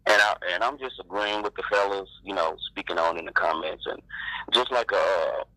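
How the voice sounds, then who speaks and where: A man calling in to a live show, talking in a halting way with many fillers. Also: low voice, no echo. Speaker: caller. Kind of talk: casual phone-in chat. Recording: dry, bright phone line.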